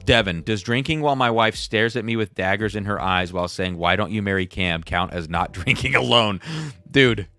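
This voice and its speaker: Man, very low voice, livestream host, rambling casual chat, faint music behind. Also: a little fast, few pauses, sharp tone, no room sound. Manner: rambling, self-deprecating, reads viewer chats aloud.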